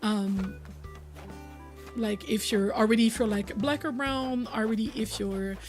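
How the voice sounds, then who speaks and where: Speaking a little slowly, with a slightly high voice and fairly even intonation, this French-speaking woman from Quebec, Canada, chats casually on a live stream. She's talkative, replying to viewers' chat as she goes, while soft music plays behind her.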